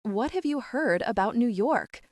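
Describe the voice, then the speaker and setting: A woman doing a calm, composed businessman. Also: a little high, no room sound, clean studio sound, pitched above the performer's own voice. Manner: calm and measured.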